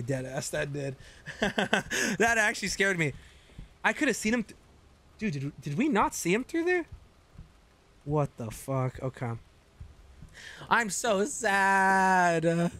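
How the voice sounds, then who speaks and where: A man streaming a game live, chatting to viewers, swearing freely and yelping when startled. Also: fairly high pitch. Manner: excitable, swears a lot, yelps when startled. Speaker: gaming streamer. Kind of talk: live gameplay commentary.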